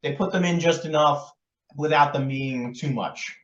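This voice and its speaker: A man's voice: a little high, moderate pace, fairly bright tone. A man co-hosting a podcast, chatting loosely about a film with lots of fillers and laughs. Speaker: podcast co-host. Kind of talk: casual chat about a film. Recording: roomy, distant, dull lo-fi sound.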